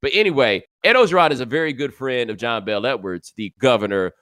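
A man hosting a podcast, telling stories and chatting about sports in a lively, casual way. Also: medium pitch, quick pace, no room sound. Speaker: podcast host.

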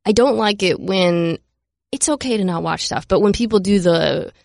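A woman hosting a sports podcast in casual chat, playful and chatty with quick asides. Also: mid-range voice, gravelly, darkish tone, dry recording, clean studio sound. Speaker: podcast host.

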